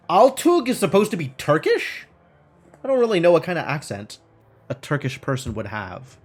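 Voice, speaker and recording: A man's voice: on the high side, very animated, normal speed. A man streaming a game live, chatting aloud, reading lines and second-guessing himself. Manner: chatty, self-doubting, thinks aloud with restarts. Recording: game music in background.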